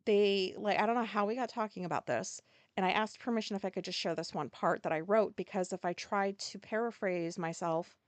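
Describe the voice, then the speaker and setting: A woman's voice: medium pitch, a little fast, no echo. A woman hosting a solo podcast monologue, rambling casually with lots of filler words and blunt, profane asides. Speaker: podcast host.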